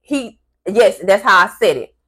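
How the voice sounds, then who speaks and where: This woman's medium-pitched voice moves a little slowly and carries a breathy edge. She recounts a long personal story to her camera with casual, animated energy, cursing freely and playing the characters in it.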